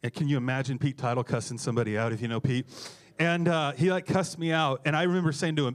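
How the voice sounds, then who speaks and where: A man's voice: medium pitch, fast talker. A middle-aged man, a pastor, preaching a sermon full of humorous, self-deprecating stories. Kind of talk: sermon with storytelling.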